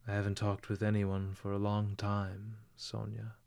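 Guy reading feverish brooding young man, low gravelly voice, slow, drops to whispers. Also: monotone, darkish tone, slight background noise. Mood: weary. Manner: intense, drops to unvoiced whispers.

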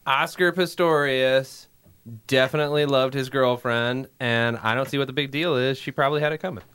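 A man's voice: medium pitch, fairly even intonation, normal speed, fairly bright tone, clear, resonant tone. A man on a comedy podcast in casual chat, hesitating with fillers before delivering jokes.

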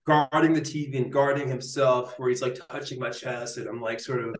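A young male neuroscientist, guesting on a casual interview, tells a story in an animated, slangy way packed with "dude" and "like." His medium-pitched voice runs a little fast, with crowd noise and a roomy echo.

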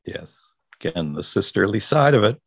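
Man with a very low voice, podcast co-host, casual and gushing. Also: very animated, normal speed, vocal fry, husky. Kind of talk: casual chat.

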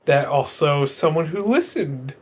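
A man's voice: fairly high pitch, expressive, unhurried, darkish tone, husky. A man chatting casually as a player, making jokes. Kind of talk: casual podcast chat.

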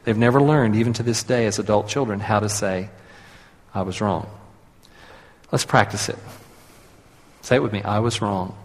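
A man's voice: lowish voice, fairly even intonation, normal speed, pauses often. Pastor man preaching in a reverberant hall. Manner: conversational, leads audience in call-and-response. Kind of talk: sermon.

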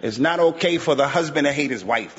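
A man's voice: a little high, lively intonation, a little fast. A man preaching a sermon, emphatic and repetitive, mixing Arabic phrases into his points. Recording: muffled audio with long hall reverb.

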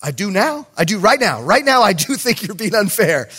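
A middle-aged man, a pastor, preaching a sermon with animated storytelling and emphatic points. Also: sits high, moderate pace, breathy edge.

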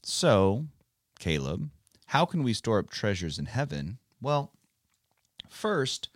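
A man's voice: lowish voice, very animated, slow, dry recording, clean studio sound. A man hosting a casual Bible podcast for children, talking in a playful, teacherly way. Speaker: podcast host.

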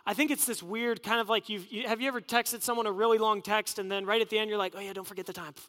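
A man's voice: high-pitched, steady tone, fast, fairly bright tone, long reverb tail. A man preaching a sermon in an earnest, conversational way. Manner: earnest, conversational preaching with acted inner voices.

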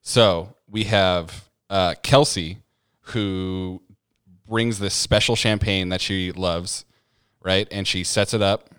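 A man's voice: sits low, steady tone, slow pace, fairly bright tone, clean tone, no echo, clean studio sound. A man co-hosting a podcast, retelling a reality show episode in casual chat and acting out quotes. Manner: storytelling, acts out quotes with laughs. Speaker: podcast co-host.

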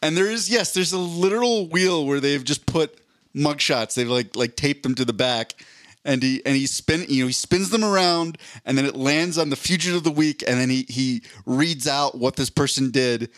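A man co-hosting a casual podcast, telling stories animatedly and acting out quotes in a deadpan drawl. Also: a little high, moderate pace, dry recording. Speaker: podcast co-host.

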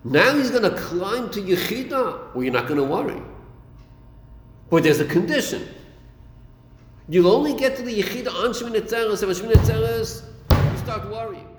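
A man's voice: sits high, expressive, normal speed, long pauses. A man teaching a Chasidic text class, acting out dialogue and repeating his phrases. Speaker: Torah teacher. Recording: echoey room with long reverb.

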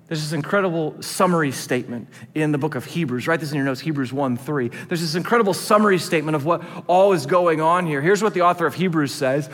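Male pastor, high voice, dynamic sermon delivery from loud to hushed, long hall reverb. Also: fairly quick. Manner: animated, swings from loud emphatic to hushed.

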